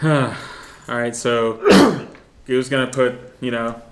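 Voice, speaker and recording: A man playing a tabletop game, eager and lively in his talk. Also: mid-range voice, slow pace. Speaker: player.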